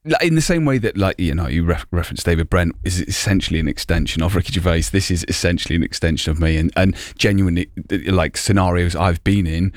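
Comedian guy, real low voice, rambly and self-deprecating, dry close sound. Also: fast talker, hardly any pauses, no echo. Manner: chatty, self-deprecating, many fillers and restarts. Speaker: comedian guest. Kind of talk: casual interview chat.

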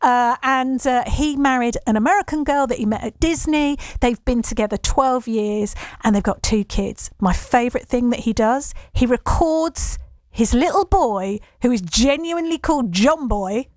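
A British woman hosts a casual radio chat, giggly and full of enthusiasm. Her voice sits a little high. The studio sound is close and dry. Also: moderate pace, a little mellow, dry recording. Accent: British English. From England. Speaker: radio presenter.

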